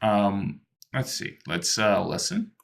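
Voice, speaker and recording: A man's voice: lowish voice, big pitch swings, takes it slowly, creaky, fairly bright tone. A man teaching an online English lesson, patient and explaining with many ums and restarts, on a computer microphone. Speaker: English tutor.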